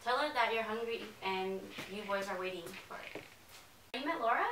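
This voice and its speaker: A woman's voice: on the high side, expressive, moderate pace, close to an everyday voice. A young woman playing a fussy, chatty faded Southern belle mother in an amateur play, gushing and rambling in a genteel way. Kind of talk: amateur stage play reading. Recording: echoey room, mic from far off, faint hiss.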